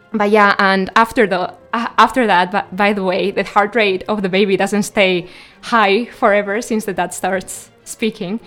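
A woman hosts a radio show and talks her way through science facts in a loose, chatty style. She stumbles, restarts and fills gaps with "um" and "like" as she goes. Music plays faintly beneath her voice. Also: mid-range voice. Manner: chatty and loose, many fillers and self-corrections. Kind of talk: casual radio talk sharing science facts between songs.

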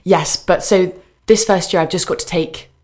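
A woman's voice: fairly low pitch, fairly even intonation, normal speed, darkish tone. A young British woman chatting as a radio guest, hesitant with frequent ums and laughing asides. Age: young adult. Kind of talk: casual radio chat.

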